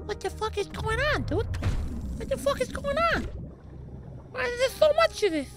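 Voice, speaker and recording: A man putting on a shrill, panicked, high-pitched voice, cursing in bewilderment during a game. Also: sing-song, normal speed, loud music behind the voice, full character voice.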